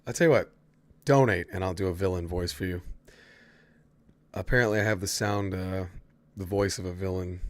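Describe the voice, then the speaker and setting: A man's voice: low voice, dry recording. A man casually chatting to his viewers while playing a horror game, swearing freely and answering chat. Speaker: streamer. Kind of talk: casual gameplay commentary.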